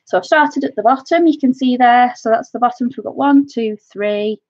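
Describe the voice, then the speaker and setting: A woman's voice: fairly high pitch, fairly quick, a little mellow, dry recording, highs cut off. A woman from North Wales with a Welsh accent hosts a craft live stream, chatting casually and calling her viewers "my love".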